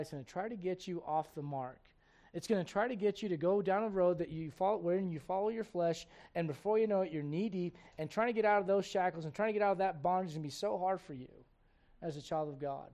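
A man preaching a sermon as pastor, firing rhetorical questions at the congregation and acting out the voices he quotes, swinging from loud emphasis to quiet asides. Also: high-pitched.

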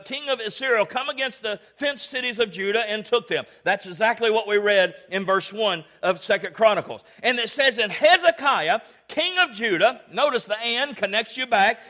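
A preacher delivers an emphatic sermon in a high, bright, forceful voice. He swings between loud exhortation and low, quiet asides. He draws amens from his listeners. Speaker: pastor.

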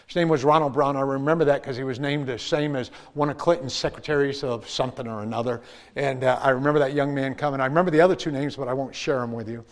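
A man preaching a testimony sermon, swinging between loud preaching and hushed storytelling. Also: mid-range voice, steady tone, quick pace. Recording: reverberant hall.

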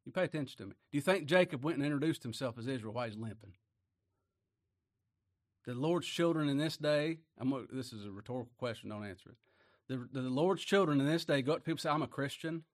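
Folksy preacher swinging loud and low. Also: male voice. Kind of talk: sermon.

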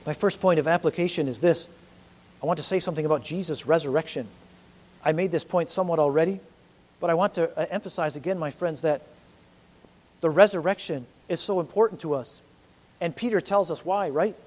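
Earnest high-voiced male preacher. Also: a little fast. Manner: earnest preaching, rising to loud emphatic peaks. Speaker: pastor. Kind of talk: sermon.

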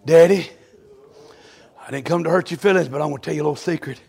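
A man preaching a fervent revival sermon in a church, moving between quiet storytelling and loud shouted exclamations. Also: a little high, quick pace, vocal fry, breathy edge. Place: church sanctuary.

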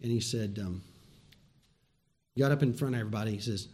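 This pastor's voice is lowish, his pace quick, and he pauses often. His sermon shifts between loud, emphatic repetition and hushed, down-home asides, with questions put directly to the audience.

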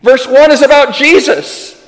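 High-pitched guy preaching, emphatic and chatty, long hall echo on everything. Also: unhurried. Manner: animated, emphatic, conversational asides. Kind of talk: sermon.

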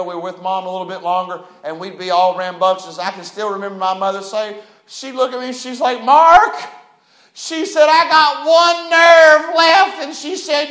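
High-voiced preacher. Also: male voice, echoey room. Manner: folksy, emphatic, rising to shouts. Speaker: pastor. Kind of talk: sermon.

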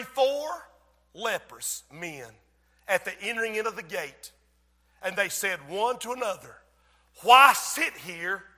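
A man preaching an impassioned sermon in a church, often rising to shouts. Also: sits high, in a large hall.

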